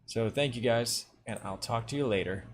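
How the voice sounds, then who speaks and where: A man's voice: mid-range voice, moderate pace, crowd noise. A young man with a Long Island accent, chatting casually on his livestream and laughing easily. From Long Island, New York. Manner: laughs often, relaxed and jokey. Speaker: livestream host.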